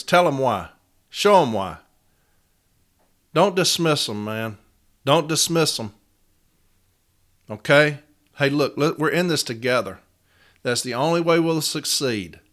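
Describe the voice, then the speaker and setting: A man delivers a heated podcast monologue. He repeats lines for emphasis and swings from quiet and heavy to loud and fired-up. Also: mid-range voice. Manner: impassioned, repeats phrases for emphasis. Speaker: podcast host, union advocate.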